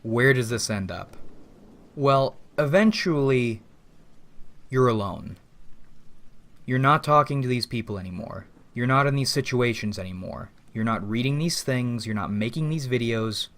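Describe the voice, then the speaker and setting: A man's voice: mid-range voice, lively intonation, unhurried, fairly bright tone. A man giving a rambling, philosophical spoken monologue as a vlogger, with casual profanity.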